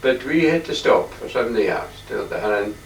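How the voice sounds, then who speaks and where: An older man talks his halting, wandering way through his paintings, often clearing his throat. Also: fairly low pitch, expressive. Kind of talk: rambling casual reminiscence. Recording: echoey room, distant mic, faint hiss.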